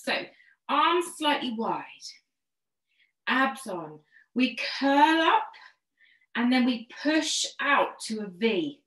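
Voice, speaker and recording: A mid-range, fairly bright female voice cues an online pilates class in an echoey space. The fitness instructor sounds encouraging and somewhat breathless as she counts each rep and walks through the moves step by step.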